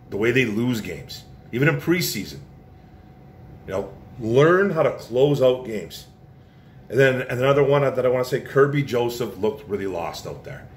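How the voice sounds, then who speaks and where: A man hosting a casual football commentary show, blunt and opinionated, often repeating his points. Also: medium pitch. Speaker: sports podcast host. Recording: roomy echo with faint noise.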